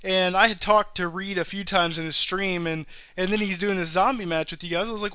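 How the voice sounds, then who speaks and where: A man's voice: high voice, steady tone, brisk, hardly any pauses, pushed and bright, smooth, no room sound, muffled recording. A man co-hosting a podcast in casual chat, laughing often and quoting others as he talks. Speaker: podcast co-host.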